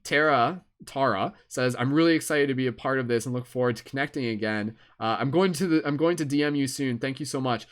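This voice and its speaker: A man's voice: medium pitch, brisk, hardly any pauses. A young man with a Canadian accent hosting a live stream, chatting casually and rambling with lots of fillers. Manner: laid-back, rambling, with many fillers.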